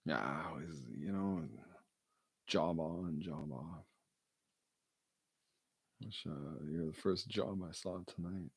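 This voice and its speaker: A man's voice: low voice, takes it slowly, gravelly, long pauses, breathy edge, no room sound. A man in casual, meandering chat, joking and swearing with lots of fillers.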